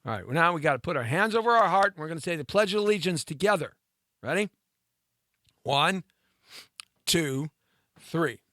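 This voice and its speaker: A man's voice: on the high side, lively intonation, rapid-fire, fairly bright tone, dry recording. A middle-aged man hosting a live talk show, joking and teasing himself and his cohost in a playful way. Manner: playful, self-mocking, banters with cohost. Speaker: radio show host.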